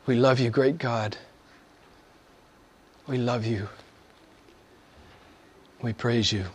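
A man preaching a sermon and praying to a live congregation, earnest, slowing down and stretching key words for emphasis. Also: medium pitch, fairly even intonation, a little hiss or hum.

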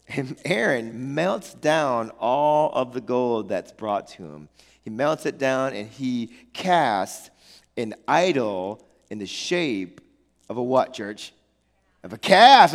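Animated high-voiced male pastor, echoey hall. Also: creaky. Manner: animated storytelling with playful asides and slang. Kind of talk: sermon.

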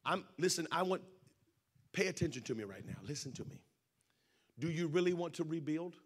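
A man's voice: fairly high pitch, animated, brisk. A man preaching a sermon at a church service, telling a personal story and speaking straight to the congregation. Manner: earnest personal storytelling, addresses congregation directly.

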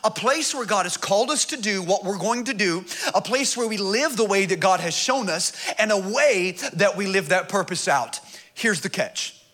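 A man's voice: high-pitched, lively intonation, normal speed, bright, forceful tone. A middle-aged man preaching a sermon, telling humorous stories in an earnest way. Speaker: pastor.

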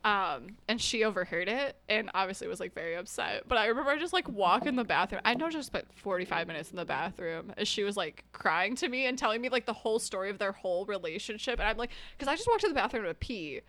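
A woman's voice: mid-range voice, animated, fast talker, hardly any pauses, a bit bright, no room sound. A young woman in her twenties co-hosting a podcast, telling a rambling story full of fillers and laughs. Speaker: podcast co-host. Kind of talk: casual chat.

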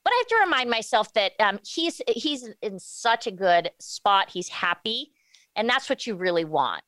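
A woman's voice: mid-range voice, big pitch swings, a bit bright, dry recording. A woman in her forties talking candidly as an interview guest, often restarting her sentences. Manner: candid, halting with many restarts. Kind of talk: casual interview talk.

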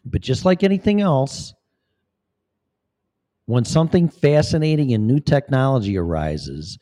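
A man's voice: medium pitch, expressive, a little slow, warm tone. A man giving profane, rambling, blunt commentary as a vlogger. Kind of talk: casual commentary.

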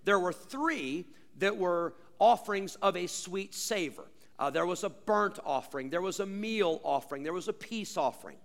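A male pastor preaching a sermon, pressing points with rhetorical questions and repetition, swinging between loud drawn-out emphasis and low quiet asides. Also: animated, big-room sound.

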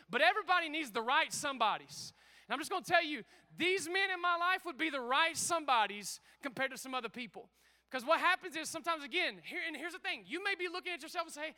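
A man pastor preaching an energetic sermon, calling out to the congregation, a little out of breath. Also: extremely high pitch, fairly quick. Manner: emphatic preaching with call-outs to the congregation.

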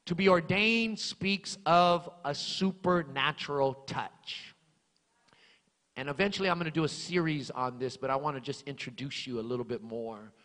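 A male pastor preaching a sermon with fervent, emphatic repetition that rises to shouts. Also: on the high side, moderate pace, long reverb tail.

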